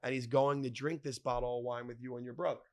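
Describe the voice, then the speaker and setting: A man telling wild stories as a podcast guest, animated and profane, acting out other people's lines. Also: medium pitch, fast. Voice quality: animated, profane, acts out quoted voices. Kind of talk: casual storytelling.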